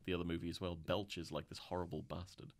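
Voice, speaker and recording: A young man from Scotland, co-hosting a casual film podcast, rambling, swearing freely and acting out scenes in quick voices. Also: low voice, level tone. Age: young adult. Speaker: podcast co-host.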